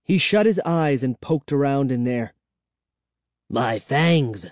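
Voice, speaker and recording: A reader narrating a first-person children's story in a measured, even storytelling voice. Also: medium pitch, smooth, dry recording, clean studio sound. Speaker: audiobook narrator.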